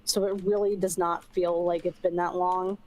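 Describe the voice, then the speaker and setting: A woman's voice: lowish voice, flat delivery, moderate pace, a little mellow, low-quality recording. A young woman streamer rambling in casual chat while gaming, swearing offhand and using lots of fillers.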